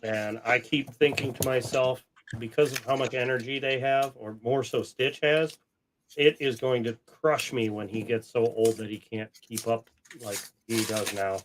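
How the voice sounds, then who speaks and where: A man in a mid-range, steady voice hosts a casual coin-hunting livestream at a moderate pace over background noise. Between joking chatter and the odd swear word, he barks short, firm commands at his dogs.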